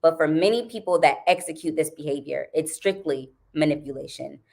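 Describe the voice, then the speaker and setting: A woman's voice: low voice, brisk, creaky, a little mellow. A young adult woman hosting a casual livestream, chatting animatedly with viewers and laughing often. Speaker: livestream host.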